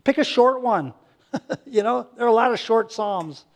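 A man's voice: extremely high pitch, lively intonation, unhurried. A man preaching a sermon as pastor, earnest and conversational, often restarting words and acting out little quotes.

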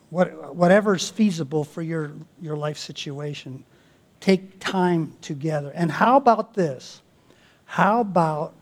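A man with a notably high voice delivers an earnest sermon, pressing his congregation with questions one after another. He speaks as a pastor addressing a church from the pulpit. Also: unhurried, long pauses. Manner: earnest, exhorting, with rhetorical questions.

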